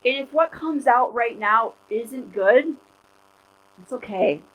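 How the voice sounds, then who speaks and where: Woman pastor in her 40s, kinda high voice, super chatty and real, lots of likes and you knows. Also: expressive, takes it slowly, low-quality recording. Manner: chatty and candid, with frequent "like" and "you know". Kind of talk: conversational sermon.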